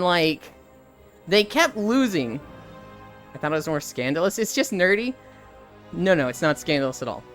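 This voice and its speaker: Brief: woman streamer, animated and profane storytelling, expressive pitch, soft music behind. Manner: animated, profane anecdote-telling. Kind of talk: casual storytelling on a live stream.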